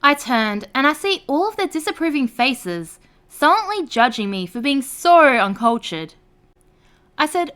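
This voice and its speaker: A woman narrating online stories aloud in a lively storytelling read. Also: sits high, normal speed.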